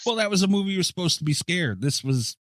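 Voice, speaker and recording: A man co-hosting a horror movie podcast in casual chat, animated and swearing freely. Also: high-pitched, fast, no room sound, clean studio sound. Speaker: podcast co-host.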